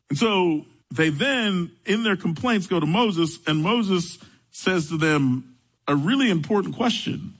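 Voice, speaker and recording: A man's voice: fairly high pitch, unhurried, breathy edge, poor audio. A young man preaching a sermon, telling a story from his own church days as he explains a Bible passage. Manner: storytelling, animated when retelling his own encounter. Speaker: pastor.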